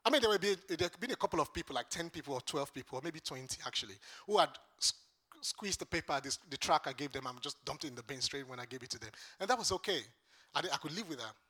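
A man's voice: fairly high pitch, lively intonation, quick pace, pushed and bright. A man from Lagos preaching a sermon to a congregation, with an impassioned, repetitive preaching cadence. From Lagos, Nigeria.

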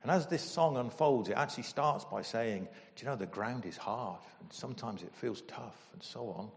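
Emotional pastor in a reverberant hall. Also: male voice, mid-range voice, normal speed, vocal fry. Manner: emotional, animated storytelling with sudden loud bursts. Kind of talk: sermon.

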